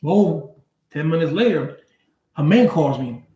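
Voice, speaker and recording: A man telling a personal story in a casual, blunt way, with street slang and swearing. He acts out the other people's lines with sudden jumps in pitch. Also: unhurried, reverberant, low-quality recording. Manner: animated, acts out quoted dialogue with big pitch jumps. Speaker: channel host.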